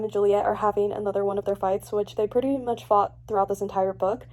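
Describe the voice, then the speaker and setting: A young woman vlogging about a book she is reading, chatty and animated as she swings between gushing and ranting. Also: medium pitch, quick pace, few pauses. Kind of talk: casual reading reaction vlog.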